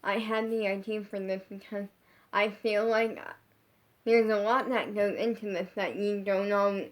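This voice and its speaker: Woman vlogger, chatty bedroom storytime, rambly and filler-heavy, average pitch. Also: fairly even intonation, measured pace. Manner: rambling, heavy use of 'like', frequent restarts. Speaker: social media creator. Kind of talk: casual storytime vlog. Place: her bedroom.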